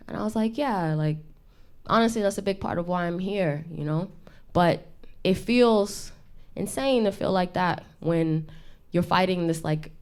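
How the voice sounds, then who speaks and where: Low-voiced woman doing stand-up. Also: clean tone. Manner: self-deprecating, chatty, laughs between lines. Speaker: stand-up comedian. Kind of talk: stand-up set. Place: intimate studio stage with audience.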